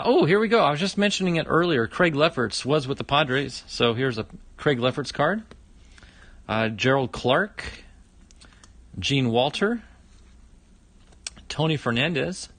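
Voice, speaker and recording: A middle-aged man chats casually on his own livestream, reacting with lots of exclamations as he opens fan mail. His voice sits at an ordinary middle pitch and sounds close and dry, with no room around it. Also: a bit bright, dry recording. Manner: enthusiastic, chatty, exclaims often. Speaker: YouTube host opening fan mail.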